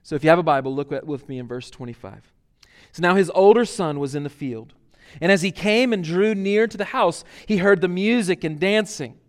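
High-pitched guy preaching, really animated, acts out the characters, goes quiet for asides. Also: brisk. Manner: animated, acts out quoted characters, repeats words; drops to a low, quiet voice for asides. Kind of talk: sermon.

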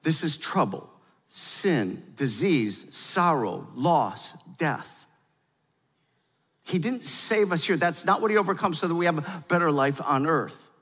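An older man preaching a sermon as pastor, with emphatic delivery that swings from loud urgency to quiet gravity. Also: on the high side, expressive, takes it slowly, slightly rough. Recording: long hall reverb.

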